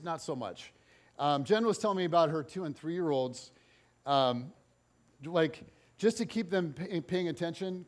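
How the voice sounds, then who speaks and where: A man preaching as pastor, telling lively stories about kids in an animated way, at church. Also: high voice. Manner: animated storytelling. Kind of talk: sermon.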